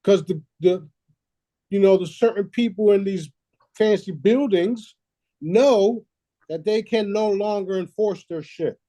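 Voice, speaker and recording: A man's voice: sits high, measured pace, warm tone, no echo. A man hosting a casual talk, boastful and preachy, swearing freely and laughing at his own lines. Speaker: host.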